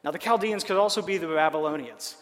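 A man's voice: fairly high pitch, fast, a bit bright, in a large hall. A man preaching a sermon in a conversational way, often checking in with listeners by asking "right?". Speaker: pastor.

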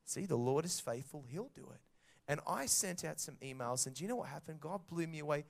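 A man shares his faith story in a lively, storytelling way. His voice has a gravelly, creaky edge. He acts out the voices he quotes as he goes. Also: on the high side, fairly quick. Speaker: children's music minister. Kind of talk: testimony talk.

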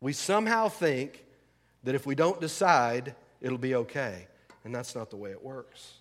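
A man's voice: medium pitch, normal speed. Folksy male pastor in a reverberant hall. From rural American South. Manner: folksy, conversational, asks the congregation questions. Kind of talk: sermon.

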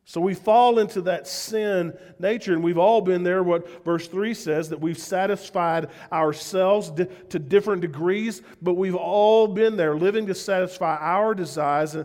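A man's voice: sits high, measured pace, hardly any pauses, darkish tone, in a large hall. A man with a Southern US accent, preaching a conversational sermon as a pastor, earnest and emphatic, often turning to the listeners with direct questions. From Southern United States.

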